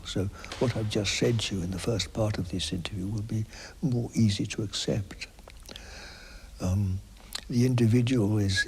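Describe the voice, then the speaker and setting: An older man talks in an interview, his low voice gravelly and often sinking into a soft whisper. He speaks reflectively, hesitating with frequent pauses and fillers. A faint noise floor sits under the recording. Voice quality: soft, partly whispered, halting. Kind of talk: unhurried spiritual interview talk.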